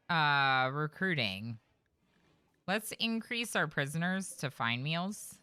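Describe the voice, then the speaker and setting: A young woman streams a game live, chatting with viewers and calling out to the characters on screen. Her voice is bright and sits a little low, but it swings widely. Faint music plays underneath. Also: animated, takes it slowly, smooth. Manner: chatty, reacts aloud to the game and greets chat.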